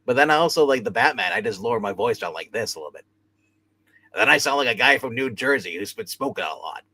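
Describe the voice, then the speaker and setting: Animated man chatting on a livestream. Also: mid-range voice, fast talker. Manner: animated, rambling, laughs often. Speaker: comic book livestream host. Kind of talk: casual chat. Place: his own room at home.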